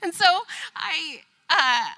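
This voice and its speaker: A church member in her thirties gives a testimony during a service, telling a lively story that pokes fun at herself and laughing often. Her voice is very high-pitched and she speaks very slowly.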